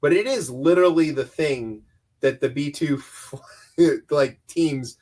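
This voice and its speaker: A man's voice: fairly high pitch, slow pace, darkish tone. A man co-hosting a comedy news podcast, talking in a sarcastic, rambling way. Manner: sarcastic, rambling, does mocking voices. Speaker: podcast co-host.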